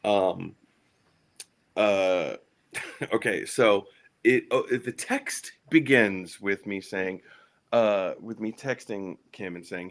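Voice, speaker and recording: A man telling a story in casual livestream chat, halting and profane as he goes. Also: fairly low pitch.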